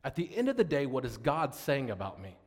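A man preaching a sermon with passion, swinging from loud declarations to hushed storytelling. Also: medium pitch, wildly swooping pitch, a little fast, long reverb tail.

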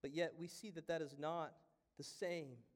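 A male pastor preaching a sermon, moving from hushed, reflective lines to loud, fervent ones. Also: fairly high pitch, steady tone, moderate pace. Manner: impassioned preaching with wide swings from hushed to loud. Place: church sanctuary.

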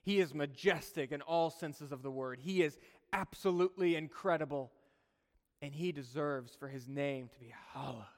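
Higher-voiced man preaching in a reverberant hall. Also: normal speed. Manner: conversational, chuckling asides. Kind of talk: sermon.

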